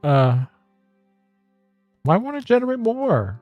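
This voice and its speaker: Reading a generated story to his audience in quick bursts, this male streamer keeps pausing to laugh and wander off topic. His somewhat high voice swings widely in pitch. There's no echo and the recording sounds muffled, with soft guitar music in the background.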